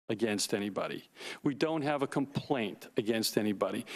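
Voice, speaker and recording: A man testifying as a forensic investigator at a hearing, emphatic and deliberate, repeating his key points. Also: mid-range voice. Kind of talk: formal opening statement. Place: hearing room. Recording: long reverb of a hearing room.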